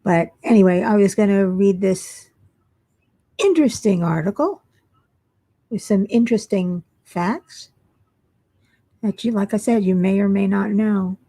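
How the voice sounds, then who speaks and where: Woman host, slow unhurried talk, mellow dark tone, tired, chatty with viewers. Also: medium pitch. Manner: chatty, reads viewer comments aloud. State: tired, yawning. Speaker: crafting livestream host. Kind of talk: casual live chat with viewers.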